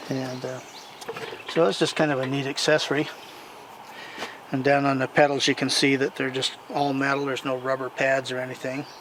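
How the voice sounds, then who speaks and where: A man's voice: medium pitch, flat delivery, normal speed, a bit bright. Regular guy chatting about his old stuff outside, rambly folksy storytelling, mic kinda far off. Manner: rambling, folksy, strings stories with "so anyway". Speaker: collector showing his bicycles. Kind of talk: casual show-and-tell storytelling. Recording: distant mic with clear outdoor noise.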